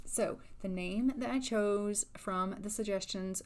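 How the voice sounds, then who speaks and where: A woman's voice: mid-range voice, slow, a little mellow. A woman narrates a life-sim game playthrough in a casual, chatty voiceover. She teases and scolds her characters with mock exasperation, in an ordinary mid-range voice. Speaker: gameplay narrator. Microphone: voiceover recorded after gameplay.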